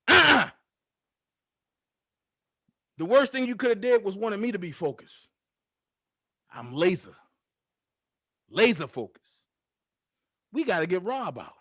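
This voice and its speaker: A man's voice: fairly high pitch, fairly bright tone, no echo, studio quality. A man hosting his own commentary channel, delivering a heated, profane, taunting call-out rant full of repeated jabs.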